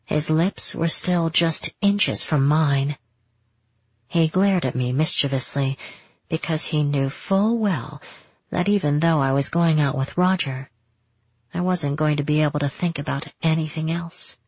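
A woman narrating a first-person romance story in a steady, intimate way. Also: sits low, measured pace, breathy edge, dry recording. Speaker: audiobook narrator. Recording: dull, muffled audio.

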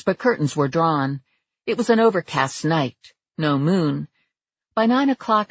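A woman narrating a first-person audiobook in a lively, expressive way. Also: low-pitched, breathy edge, dry recording, lo-fi sound.

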